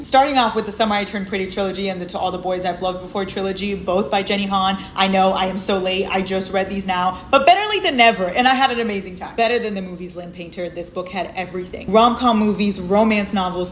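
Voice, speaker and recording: A young woman with a lilt talks through her favorite books, emphatic and animated. The room around her is echoey, with a faint hiss behind her. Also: medium pitch. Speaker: book vlogger. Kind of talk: casual book review chat.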